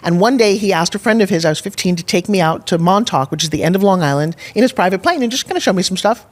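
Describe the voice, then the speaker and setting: A woman's voice: mid-range voice, expressive, fast talker. A middle-aged woman as a podcast guest, telling a personal story candidly and with emphasis, acting out her own past thoughts. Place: studio in Nashville.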